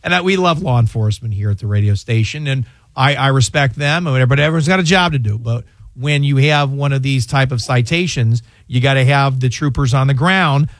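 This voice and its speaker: A man hosts a call-in radio show from the studio, chatty and given to storytelling with jokey asides. His voice sits at an ordinary middle pitch. The sound is close and dry, with no room echo. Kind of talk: casual radio call-in talk.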